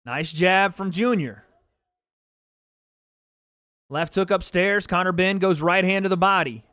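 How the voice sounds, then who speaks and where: A man calls a fight live for his watch-party stream, in a high, bright voice. He names each punch as it lands and swears freely, erupting into excited yells when the action swings. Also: unhurried, clear, resonant tone, dry recording, studio quality.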